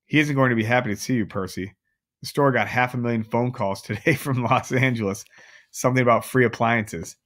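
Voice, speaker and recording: A man voicing a gentle, worried mother who speaks softly and pleadingly. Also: mid-range voice, a little fast, lightly acted. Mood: anxious.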